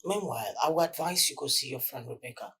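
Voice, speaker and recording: A woman's voice: very deep voice, fast, full character voice. An actress playing a motherly woman who comforts a young girl firmly, with a Nigerian English accent. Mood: comforting. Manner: firm but comforting, animated.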